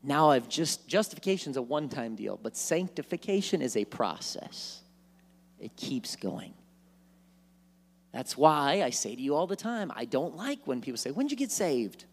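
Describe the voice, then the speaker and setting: A man preaching a sermon in church, animated, acting out worried voices and joking asides. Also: medium pitch, normal speed, slightly rough. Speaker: pastor. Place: church sanctuary.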